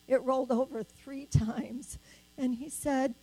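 A woman's voice: on the high side, moderate pace, darkish tone, rough recording. An older woman, giving a spoken testimony at church and earnestly telling her story. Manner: earnest storytelling, acts out the voices she quotes.

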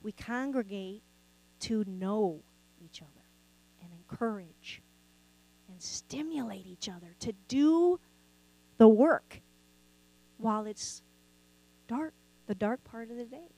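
A woman's voice: fairly high pitch, animated, takes it slowly, long pauses, mellow, rough recording. A woman preaching a sermon, talking conversationally and asking the congregation rhetorical questions. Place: church sanctuary.

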